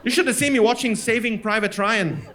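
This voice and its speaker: A man's voice: high voice, fairly quick, over a noisy crowd, heavy background noise. A man from Lebanon performing a stand-up comedy set, telling stories and acting out his parents in voices. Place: comedy stage before a laughing audience.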